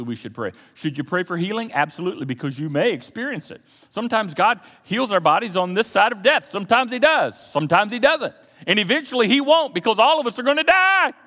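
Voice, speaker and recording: A man's voice: high voice, sharp tone, long reverb tail. A man preaching a sermon as a pastor, talking conversationally with repetitions and asides to the congregation. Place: church sanctuary.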